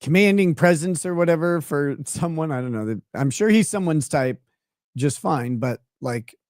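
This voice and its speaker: A man's voice: a little high, normal speed, no room sound, clean studio sound. A man giving sarcastic live commentary on a court trial as host of his stream. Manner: animated, sarcastic, mocking.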